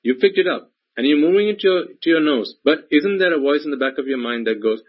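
On a dull, lo-fi recording, a man delivers a Buddhist dharma talk in a voice on the high side, talking fast with lively intonation and hardly pausing. As a teacher, he tends to repeat points and pile up rhetorical questions.

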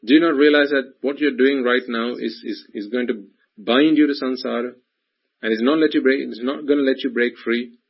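A man's voice: medium pitch, steady tone, brisk, slightly rough. A man voicing a stern inner voice of conscience that scolds and repeats its reproaches, on a dull lo-fi recording. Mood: scolding.

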